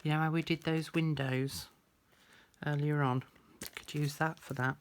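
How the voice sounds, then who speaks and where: A woman's voice: low voice, steady tone, measured pace, slight background noise. A woman chatting casually through a craft tutorial, thinking aloud as she works.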